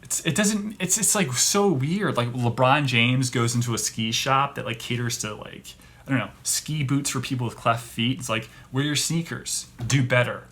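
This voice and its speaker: A man hosting a podcast who rants in a casual comedic way, rambling and halting with many restarts. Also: medium pitch, fairly bright tone. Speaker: podcast host.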